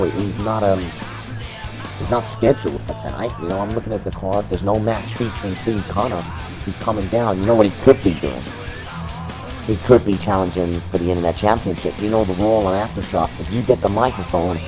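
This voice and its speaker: A man calling a wrestling match as play-by-play commentator, shouting names over and over in bursts of excitement. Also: fairly low pitch, low-quality recording.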